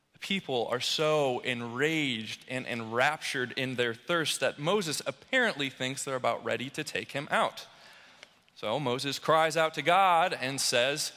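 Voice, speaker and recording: A young man preaching a sermon in a church, slow and dramatic, crying out the voices of a desperate crowd. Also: medium pitch, sharp tone. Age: young adult. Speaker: pastoral resident. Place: church sanctuary. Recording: long church reverb.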